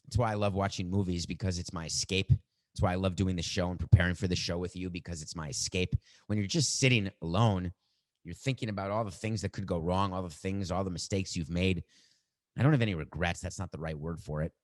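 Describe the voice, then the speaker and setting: A man's voice: deep voice, fairly even intonation, a little fast. A middle-aged man hosting a podcast, musing aloud in a reflective monologue. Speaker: podcast host.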